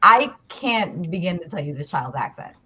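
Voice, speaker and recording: A woman's voice: on the low side, sing-song, normal speed, sharp tone, breathy edge. A woman from Queens with a New York accent, chatting casually and swearing freely. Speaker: guest. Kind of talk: casual chat. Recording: dull lo-fi audio with noise.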